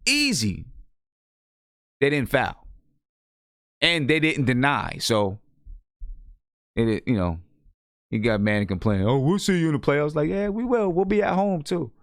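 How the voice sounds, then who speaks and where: A man hosting a sports talk show, telling a coaching story in a casual, animated way and acting out quoted lines. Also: medium pitch, dry recording, clean studio sound. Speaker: show host and girls' basketball coach. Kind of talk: casual chat.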